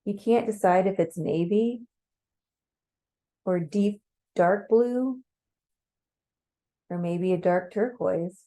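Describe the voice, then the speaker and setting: A woman narrating a guided meditation in a slow, calm, measured way. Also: mid-range voice.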